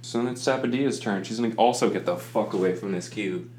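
Casual man as game master, lowish voice, echoey room. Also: a little fast, darkish tone. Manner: casual, laughs often, swears. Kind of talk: narrating a tabletop game. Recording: echoey room with faint noise.

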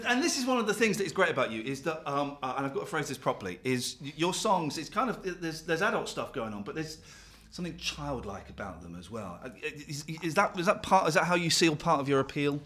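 A man in his forties hosting an interview, jokey and animated. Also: fairly high pitch, brisk, husky. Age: 40s. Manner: animated, jokey, laughs often. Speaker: radio host. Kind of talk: lively interview banter.

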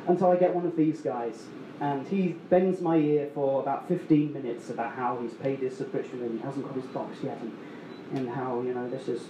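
A man's voice: fairly high pitch, dark tone, roomy sound, lo-fi sound, a little hiss or hum. Man telling a rambling live story. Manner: rambling, self-mocking, many restarts. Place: story slam stage.

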